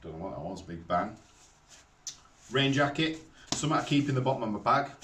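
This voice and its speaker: A man talks through his riding kit in a loose, chatty way, calling his viewers guys. His voice sits back from the microphone and rings around the space, and his pitch is in an ordinary middle range. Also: animated, a little fast, a bit bright, distant mic, slight background noise. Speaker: motorcycle vlogger. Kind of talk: casual how-to talk to camera. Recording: roomy sound from off the mic.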